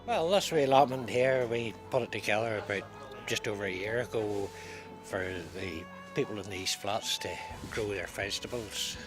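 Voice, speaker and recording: A man talks in a matter-of-fact way about an allotment. His voice is somewhat low, and music plays clearly underneath. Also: moderate pace. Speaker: allotment volunteer.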